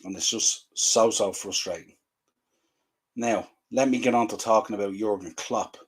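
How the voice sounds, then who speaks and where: A man's voice: lowish voice, fairly even intonation, normal speed, slightly rough. A man, hosting a fan show and ranting in frustration with repeated rhetorical questions. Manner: exasperated, repetitive rhetorical questions. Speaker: fan podcast host.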